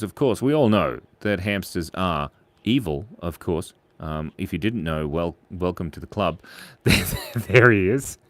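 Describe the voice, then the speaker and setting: A man's voice: lowish voice, no room sound. A man hosting a live drawing stream, chatting with viewers in a playful, silly way. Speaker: online drawing show host.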